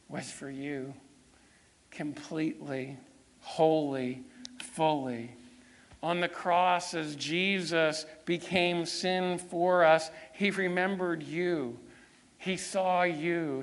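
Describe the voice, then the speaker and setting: A man preaching a sermon as pastor, slow and emphatic, building with repetition and dramatic pauses. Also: on the high side. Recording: long hall reverb.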